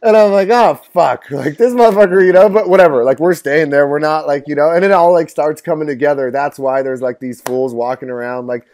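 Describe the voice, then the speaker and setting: A man's voice: a little high, a little fast, few pauses, a little mellow. Rambling profane young man storyteller. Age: 20s. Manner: rambling, heavy filler words, profane. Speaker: podcast guest. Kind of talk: casual storytelling.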